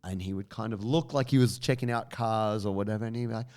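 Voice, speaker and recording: A man, co-hosting a casual podcast chat and telling lively stories with swearing and laughter. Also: on the low side, fast. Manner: animated storyteller, swears, laughs often. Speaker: podcast co-host.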